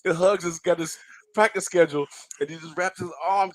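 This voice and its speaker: A man's voice: sits high, brisk. A man telling basketball stories in casual podcast chat, acting out the lines of the people in them. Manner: animated storyteller acting out quotes. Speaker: guest, former player and broadcaster.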